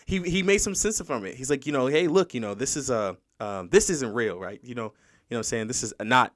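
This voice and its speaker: A man talks quickly in a casual podcast chat, circling back on his words and acting out what others said. His voice sits at an ordinary pitch. The recording is dry and close, with no room sound. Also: animated, no echo. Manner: rambling storytelling with many restarts and quoted voices. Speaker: podcast host.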